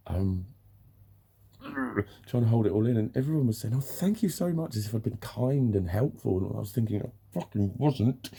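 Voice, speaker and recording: Swearing, exasperated man, dark voice. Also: lowish voice, breathy edge. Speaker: vlogger. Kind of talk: ranting personal vlog.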